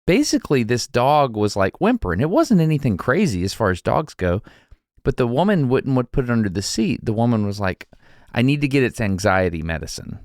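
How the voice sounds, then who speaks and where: A man co-hosting a podcast, telling an anecdote in a casual, animated way, laughing and restarting as he goes. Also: mid-range voice, fairly quick, dry recording, studio quality. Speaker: podcast co-host. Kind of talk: casual storytelling chat.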